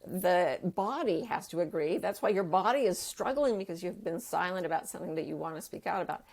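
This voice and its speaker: Middle-aged woman guesting on an interview show, low voice with a gravelly fry, gets fired up and emphatic. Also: expressive, fairly quick, a little mellow. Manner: impassioned and emphatic, speaking in bursts. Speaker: life coach guest. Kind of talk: conversational interview.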